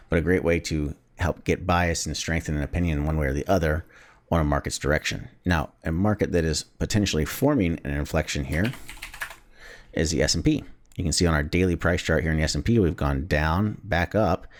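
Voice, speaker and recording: Deep-voiced man explaining trading charts. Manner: casual, conversational, with restarts. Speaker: trading educator.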